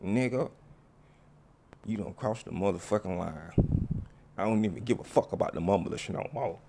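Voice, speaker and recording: A man's voice: on the low side, normal speed, mellow, slight background noise, voice pushed down. A man voicing a hot-tempered, menacing tough guy who swears and threatens in a comedy skit. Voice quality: gravelly, profane. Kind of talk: comedy skit with character voices.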